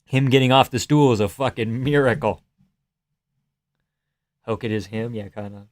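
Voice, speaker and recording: A young man hosting a livestream, reacting to a fight with casual, profane commentary, yelling advice at the fighters and laughing often. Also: mid-range voice, normal speed. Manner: excitable, profane, yells at fighters, frequent laughs. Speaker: livestream host.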